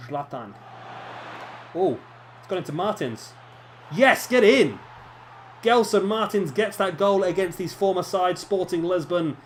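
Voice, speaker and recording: Over a football video game, a young man with a fairly high voice offers casual let's-play commentary that is chatty and self-deprecating, calling out his reactions to the play. A faint hiss or hum sits under the audio.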